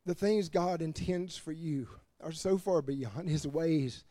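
A man preaching as pastor, animated, laughing between points and dropping to quiet emphasis. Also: on the high side, slow pace, no room sound, clean studio sound. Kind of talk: sermon.

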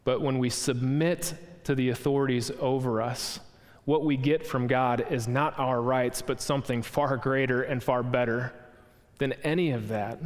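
Brief: male preacher, mid-pitched, earnest and questioning, long church-hall reverb. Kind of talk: sermon.

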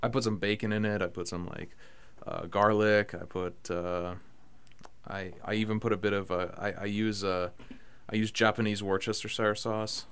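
Young male podcast host, slightly low voice, rambling casual delivery. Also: normal speed, clear, resonant tone. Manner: rambling, excitable, lots of fillers. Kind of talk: casual chat.

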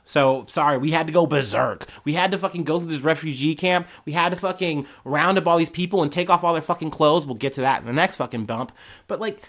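A man's voice: on the high side, fairly quick, fairly bright tone. A man hosting a news podcast, ranting casually and sarcastically with lots of swearing and mocking put-on voices. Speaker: podcast host.

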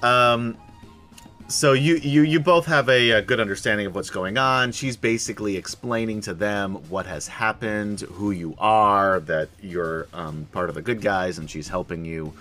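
A man narrating a tabletop game as game master, relaxed and full of pauses and fillers. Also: fairly low pitch, faint music behind. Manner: relaxed, many ums and uhs.

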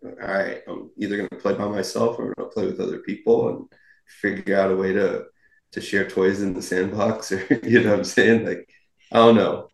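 A young adult man, a guest on a podcast, talking in a relaxed, reflective and playful way. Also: on the low side, fairly quick, creaky. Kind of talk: casual podcast conversation. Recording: echoey room.

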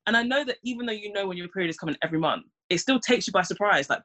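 A woman's voice: mid-range voice, animated, very fast, a bit bright. A young woman, chatting casually and acting out her own reactions. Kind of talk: casual chat.

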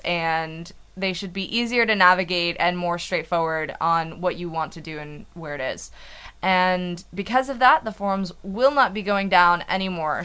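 A woman's voice: lowish voice, a bit bright, clear, resonant tone. A young woman co-hosting a casual podcast, chatty and giggly as she runs through announcements. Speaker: podcast co-host and site admin.

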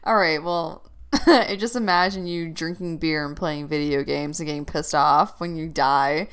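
A woman's voice: deep voice, unhurried, fairly bright tone, smooth. A woman co-hosting a podcast, giggling and easily amused in casual chat. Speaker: podcast co-host.

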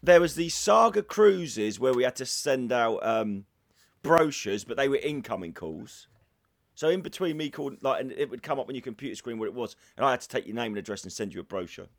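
Brief: bloke in his forties, chatty podcast host, lively, swinging delivery, swears freely. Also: mid-range voice, a little fast, creaky. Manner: rambling, animated, sweary. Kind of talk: casual storytelling chat.

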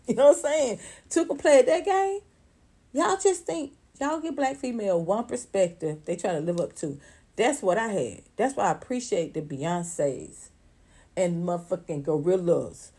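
Animated, profane woman gossiping. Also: lowish voice, moderate pace, husky. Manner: animated, profane, laughs often, acts out voices. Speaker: commentary channel host. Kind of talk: casual celebrity gossip commentary.

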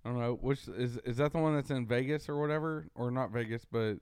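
A man's voice: mid-range voice, a little fast, darkish tone, clean tone, dry recording, studio quality. A man with a Texan accent co-hosting a podcast, joking and exclaiming in casual banter. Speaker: podcast co-host.

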